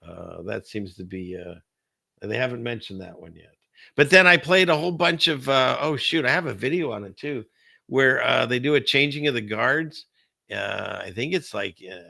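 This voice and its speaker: A man's voice: fairly low pitch, vocal fry, bright, forceful tone, no room sound, clean studio sound. A man hosting a casual livestream of political commentary, rambling and sarcastic, often laughing between remarks. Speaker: host of a political commentary stream.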